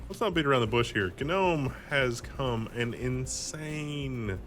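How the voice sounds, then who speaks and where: A man co-hosting a casual tech discussion, talking in an animated, rambling way with jumpy intonation. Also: medium pitch, slow pace, a little hiss or hum. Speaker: co-host.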